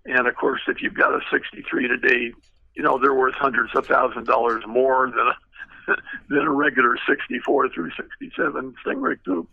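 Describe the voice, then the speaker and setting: A man's voice: medium pitch, expressive, moderate pace, gravelly, no room sound. An older man, a retired car designer, telling stories in a rambling way with many fillers and restarts. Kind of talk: anecdotal storytelling. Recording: tinny phone-like line, dry.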